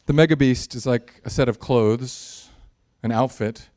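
A man preaching a sermon, animated and jokey, building in intensity at times. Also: mid-range voice, a little slow. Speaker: pastor.

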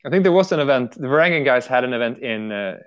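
A man's voice: medium pitch, animated, fast talker, fairly bright tone, smooth. Rambling Swedish man hosting a podcast. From Sweden. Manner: rambling, profane, many fillers. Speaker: podcast host. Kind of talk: casual chat.

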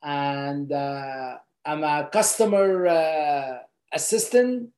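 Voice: mid-range voice, lively intonation, measured pace, a little mellow. Earnest job coach in a roomy echo. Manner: earnest, coaching, repeats points for emphasis; loose, unscripted phrasing with frequent restarts. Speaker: job advice presenter. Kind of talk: casual advice talk to camera.

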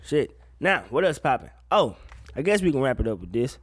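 A man giving a casual, profane solo rant about music gossip, breaking into sudden loud high outbursts. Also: very animated, moderate pace, no room sound, clean studio sound. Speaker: solo commentator.

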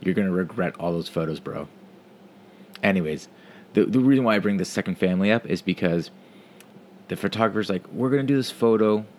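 A man's voice: deep voice, brisk, pauses often, a little mellow, slight background noise. A man telling a rambling, profane story about his vacation in a casual monologue.

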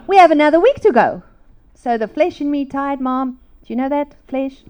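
A woman's voice: high-pitched, animated, normal speed, darkish tone. A middle-aged woman, preaching a sermon through emotional personal stories.

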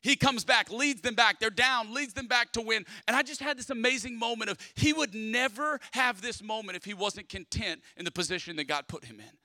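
A young man preaching a sermon in a lively, conversational way, swinging from loud bursts to quiet asides. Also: extremely high pitch, a little fast, few pauses, no echo, clean studio sound. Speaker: pastor.

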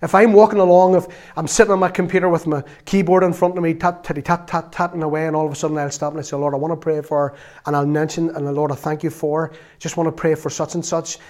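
A man giving an earnest, storytelling sermon that rises into loud exclamations. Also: fairly high pitch, little pitch movement, quick pace. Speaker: lay preacher.

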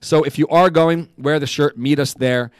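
A man's voice: on the high side, steady tone, smooth, no echo, clean studio sound. Casual New man hosting. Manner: casual, laughs easily, reads ads briskly. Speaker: podcast host. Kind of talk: casual chat and ad read.

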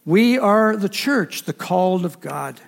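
Man, pastor, higher-pitched voice, sermon, emphatic rhythmic preaching, repetition. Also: lively intonation, unhurried, creaky.

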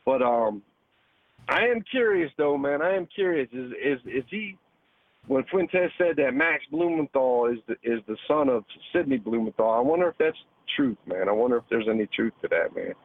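A man's voice: medium pitch, animated, moderate pace, dry recording. A man rants into a call-in show over a thin phone line, his voice narrow and tinny. He swears constantly and hammers the same points again and again, tacking "man" or "dude" onto nearly every phrase. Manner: profane, repetitive, ends phrases with "man" and "dude". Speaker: caller. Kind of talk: heated call-in rant.

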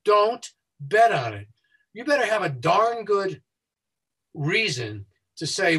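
Husky man speaking fast and explaining. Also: high-pitched, sing-song, a bit bright, rough recording. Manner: talks quickly and explains things step by step. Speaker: safety consultant. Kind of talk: guest explaining a website walkthrough.

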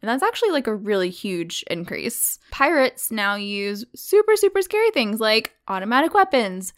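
Chatty Southern woman, smooth voice. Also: a little high, big pitch swings, moderate pace. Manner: chatty, laughs often, many fillers. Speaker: podcast co-host telling a story. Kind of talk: casual chat.

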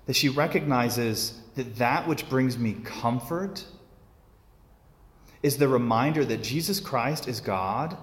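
Male priest, relaxed chatty homily, mid-pitched voice, roomy church acoustics with long reverb. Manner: casual, conversational preaching with many fillers. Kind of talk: sermon. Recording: echoey church hall.

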